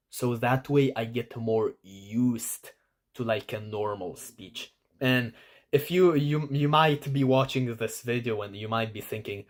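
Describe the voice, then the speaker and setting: A man talks to camera at an unhurried, deliberate pace. His delivery is halting, full of repeated restarts. He sounds self-conscious, working to keep his voice at a middling pitch and a flatter, plainer register. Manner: self-conscious, trying to talk in a lower, flatter way. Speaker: vlogger. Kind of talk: self-recorded talk to camera.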